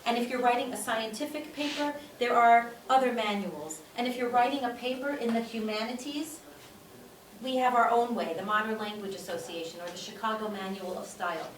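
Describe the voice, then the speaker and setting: A woman's voice: a little high, fairly quick. A woman teaching a class, repeating her points for emphasis and often checking in with "okay?". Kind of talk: classroom lecture. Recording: echoey room, distant mic, faint room noise.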